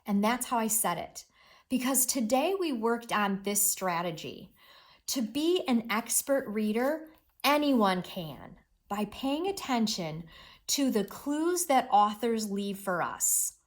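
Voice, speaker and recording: A woman teacher reads aloud to children and explains the story, her voice rising and falling a lot. She talks slowly and with clear emphasis, encouraging her listeners all the way through. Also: on the high side, sing-song. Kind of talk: read-aloud reading lesson.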